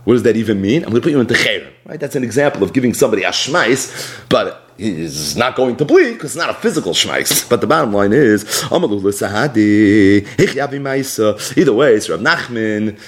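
A man giving a Talmud lecture in an animated, explanatory way, with Aramaic terms mixed into his speech. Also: on the low side, moderate pace. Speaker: Talmud teacher.

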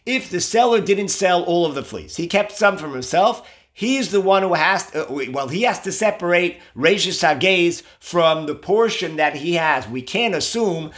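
A man's voice: sits high, expressive, moderate pace, few pauses, a bit bright. A man teaching a religious text line by line, reading each phrase aloud and then explaining it with rhetorical questions. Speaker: Torah teacher.

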